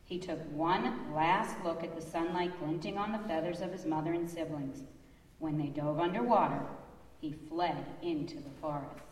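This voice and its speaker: A woman telling children a story in church, reading a storybook slowly and expressively. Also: low voice, steady tone, a little mellow. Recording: echoey church hall, far off.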